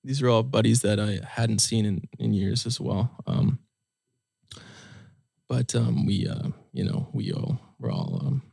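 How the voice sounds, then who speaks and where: A young man telling a personal story in an interview, soft-spoken and heartfelt, with many fillers. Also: mid-range voice, fairly even intonation, measured pace, creaky, husky, dry recording, studio quality. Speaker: guest musician.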